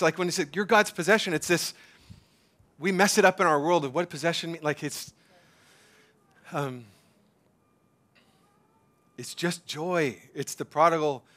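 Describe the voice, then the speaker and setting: A middle-aged man preaching a conversational sermon, animated, with many fillers and restarts, sometimes dropping to a soft hush. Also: on the high side, measured pace, pauses often. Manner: drops to a soft hush for emphasis. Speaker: pastor.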